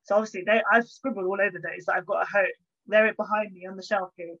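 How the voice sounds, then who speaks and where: A woman historian, a guest on an interview, telling stories in an animated conversational way from her home. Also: mid-range voice, fast, muffled recording. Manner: animated storyteller, acts out quoted exchanges. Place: home, bookshelf behind her.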